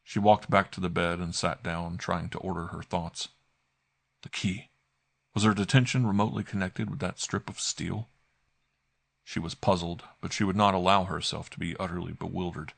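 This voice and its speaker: A man reads a mystery audiobook in an even, measured manner. His very low voice carries a gravelly edge. The sound is close and completely dry. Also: dry recording. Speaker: audiobook narrator. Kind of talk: scripted narration.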